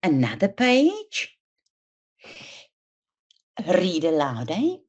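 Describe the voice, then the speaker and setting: Over dull, lo-fi online-call audio from a webinar mic, a South African woman with a breathy edge runs a teacher training session. She reads aloud and explains with slow, deliberate emphasis for teachers, her pitch moving up and down in a lively way.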